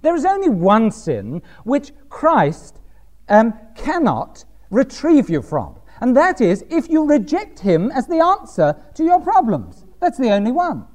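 A man preaching a sermon, reading scripture slowly and pressing his points with emphatic rhetorical questions. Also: very high voice, wildly swooping pitch, a little mellow.

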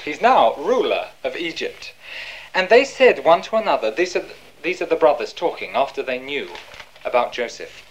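Woman preacher, low voice, very animated delivery, emphatic and rhetorical. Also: moderate pace, muffled recording. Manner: emphatic, rhetorical questions answered herself. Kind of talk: sermon.

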